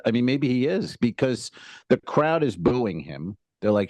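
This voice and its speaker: A man's voice: mid-range voice, normal speed, no room sound. A man who is a stand-up comedian, chatting casually on a podcast and animatedly retelling stories about hecklers. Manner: animated storytelling, acts out hecklers and himself on stage. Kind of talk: casual chat.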